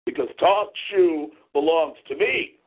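A fairly high-voiced man rants on his talk show, swearing and mocking in a confrontational way. His voice comes through thin and tinny, as if over a phone line. He sounds like a host calling someone out. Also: huge pitch swings, measured pace, vocal fry. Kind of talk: angry call-in show rant.

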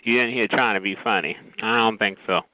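A man's voice: lowish voice, fairly quick. A man hosting a call-in line, scolding a caller in a brash, repetitive way. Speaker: chat line host. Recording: noisy phone line.

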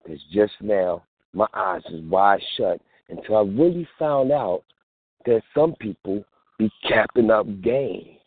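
A man's voice: on the low side, unhurried, slightly rough, no echo. A man hosting a call-in show, preaching in casual street talk and acting out phone calls. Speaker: host. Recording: tinny phone-line sound.

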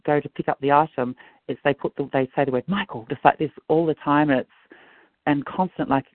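Speaking as a guest over a dry, tinny phone-like connection, a middle-aged Australian man gives a rambling and agitated yet earnest account of his own experience. His voice sits a little high.

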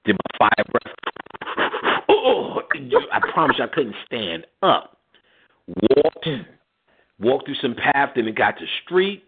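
This radio host speaks slowly in a husky, medium-pitched voice, and the audio comes through a phone line. He tells a profane story in a casual, chatty way, laughing a lot and putting on voices to act out the people in it with animation.

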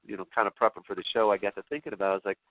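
A male talk show host in a rambling spoken monologue, excitable and emotional, often restarting his sentences. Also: on the low side, rapid-fire, a little hiss or hum. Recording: tinny phone-line sound, dry.

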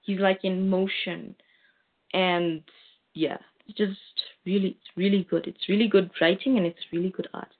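A woman's voice: mid-range voice, steady tone, moderate pace, breathy edge. A woman casually recapping a comic book, chatty and hesitant with many fillers. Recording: tinny phone-like sound.

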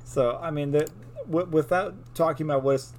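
A man's voice: a little high, a little fast. Man animatedly retelling lore. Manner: animated storytelling, laughs often. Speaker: podcast co-host. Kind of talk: casual lore chat.

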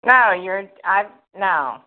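A woman caller on a community call, agreeing emphatically in drawn-out casual speech. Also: mid-range voice, expressive, no room sound. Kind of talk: casual phone chat. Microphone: phone. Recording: thin phone line.

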